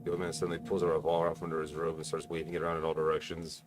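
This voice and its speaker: A man's voice: very deep voice, completely flat delivery, very fast, soft background music. A man reading the narration of an interactive story game aloud.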